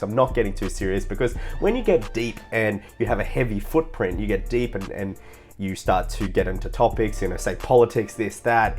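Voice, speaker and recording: A man who coaches people on their social life, telling stories in a casual, animated way, laughing and swearing as he goes. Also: lowish voice. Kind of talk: casual storytelling monologue.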